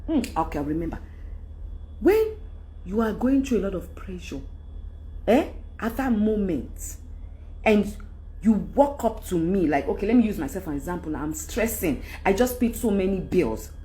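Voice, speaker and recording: A middle-aged Nigerian celebrity speaks to her followers in a candid, rambling monologue, with a Nigerian accent and slips into Yoruba. Her mid-range voice is warm, very animated and emphatic, moving at a moderate pace with long pauses.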